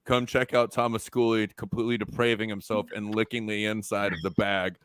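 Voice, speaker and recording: A low-voiced man talks through a casual fan podcast, loud and joking, piling on the hype. His voice sits close and dry on the mic, with no room around it. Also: flat delivery, a little fast, clear, resonant tone, no room sound. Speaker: podcast co-host.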